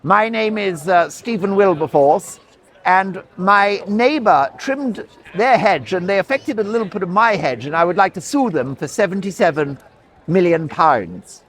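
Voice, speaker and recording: A man voicing a petty, pompous male radio caller who speaks slowly and overly formally. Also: high-pitched, expressive, fairly bright tone.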